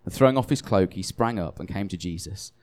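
A man's voice: sits low, a little fast, a little mellow. A tired man preaching a conversational sermon, self-deprecating and chatty, often restarting his sentences.

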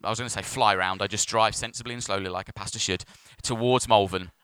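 Bright, clear-voiced pastor preaching. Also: male voice, lowish voice, fast, dry recording. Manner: storytelling, self-mocking humour, animated. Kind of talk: sermon. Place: church.

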